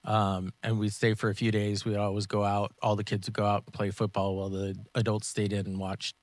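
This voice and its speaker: A man's voice: on the low side, brisk, no echo. A man co-hosting a casual podcast, chatting loosely and giving practical tips. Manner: relaxed, gives practical tips. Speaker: podcast co-host, martial arts instructor. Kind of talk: casual chat.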